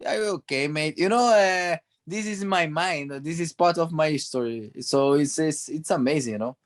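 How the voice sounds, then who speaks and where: Brazilian ex-athlete guest in his thirties, high-pitched, halting English, laughs easily. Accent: Brazilian Portuguese. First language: Portuguese. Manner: halting, laughs often, restarts. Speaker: guest, former footballer. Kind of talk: podcast interview.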